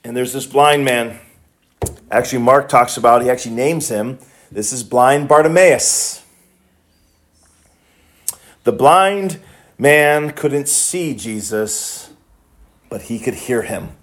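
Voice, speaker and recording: A man delivers a sermon, reading from scripture as he rises from hushed, low passages to loud, high-pitched shouts. He speaks slowly and leaves long pauses.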